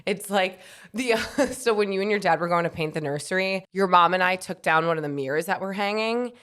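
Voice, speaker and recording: A young woman co-hosting a podcast in casual chat, pregnant and a bit short of breath, playful and quick to laugh. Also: fairly low pitch, a bit bright. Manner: playful, teasing, laughs often. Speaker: podcast co-host.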